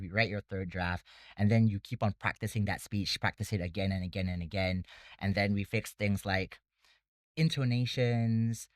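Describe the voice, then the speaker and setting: A man's voice: on the low side, no room sound. A man who runs a debate academy, talking casually in an interview and explaining things step by step with many fillers. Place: Bangkok.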